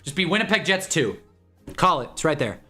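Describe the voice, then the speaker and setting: A man's voice: a little high, big pitch swings, fairly quick, sharp tone, husky, faint music behind. Joking, rambling male streamer. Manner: joking, rambling, laughs often. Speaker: livestream host. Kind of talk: casual livestream commentary.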